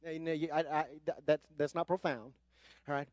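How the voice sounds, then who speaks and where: A man preaching a sermon from the pulpit, emphatic and building into forceful runs. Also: on the high side, level tone, brisk, no echo. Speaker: pastor.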